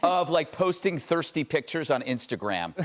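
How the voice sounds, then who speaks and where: A man's voice: a little high, very animated, normal speed. A man on a TV panel, arguing combatively in an opinionated debate, teasing and restarting his sentences. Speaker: panelist on a TV talk show.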